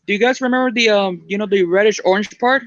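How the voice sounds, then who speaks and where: A man's voice: high-pitched, quick pace, a bit bright, no echo, muffled recording. A man chatting as a guest on a video call, hesitant and repeating his words. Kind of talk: casual video-call chat.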